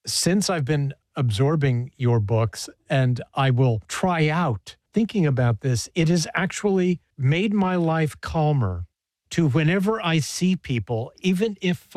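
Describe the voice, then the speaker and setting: A man hosting an interview, asking thoughtful questions and reading narration in a measured way. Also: fairly high pitch, darkish tone, no room sound. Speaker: radio host.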